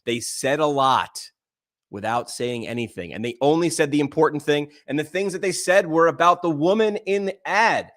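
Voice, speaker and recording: A male podcast co-host in casual discussion. He talks emphatically, telling stories with lively jumps in pitch and loudness. He keeps pushing his point with energy. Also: moderate pace. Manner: emphatic, animated storyteller with big swings in pitch and loudness.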